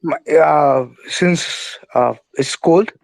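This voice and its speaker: Hoarse slow man. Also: on the high side, no room sound. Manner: hesitant, many fillers, apologetic. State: sore throat, hoarse. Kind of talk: casual discussion, call-in.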